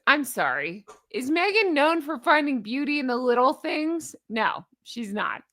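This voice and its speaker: Woman host, sarcastic and exasperated commentary, a bit high-pitched, close and dry. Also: sing-song, a little slow, hardly any pauses, a bit bright, no room sound.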